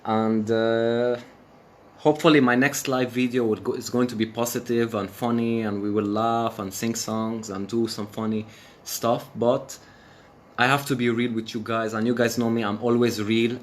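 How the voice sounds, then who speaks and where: A man's voice: mid-range voice, flat delivery, normal speed, a little hiss or hum. A man from Syria on a live stream, speaking with passion, swearing and repeating phrases for emphasis. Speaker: livestream host. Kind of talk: emotional live stream rant.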